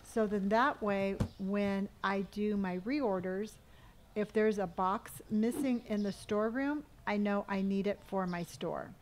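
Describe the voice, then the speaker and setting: A woman's voice: medium pitch, unhurried, a little mellow, slight background noise. A woman streaming a game live, chatting casually, thanking viewers for gifts, answering chat questions, and humming or counting money under her breath as she plays.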